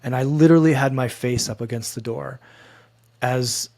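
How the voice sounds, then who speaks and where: A man, a guest on a podcast, telling a personal story in an earnest, halting way that repeats and restarts phrases. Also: mid-range voice, vocal fry, darkish tone, no room sound. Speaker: guest, men's coach.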